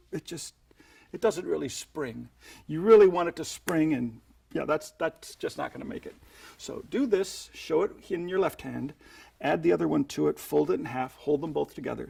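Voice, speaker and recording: Gravelly-voiced man teaching magic tricks. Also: fairly high pitch, darkish tone. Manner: chatty demonstrator, playful sound effects like "boop". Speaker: magic instructor. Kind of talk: instructional magic tutorial.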